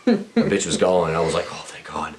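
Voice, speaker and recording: Very deep-voiced young man, crude and blunt. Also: huge pitch swings, brisk, a little hiss or hum. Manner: profane, blunt, rambling with restarts. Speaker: podcast host. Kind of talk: casual crude storytelling.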